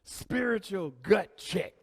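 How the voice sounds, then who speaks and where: High-voiced preaching man in a hall. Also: slow, creaky, husky. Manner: preaching with rising shouts and quiet asides. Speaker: pastor. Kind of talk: sermon.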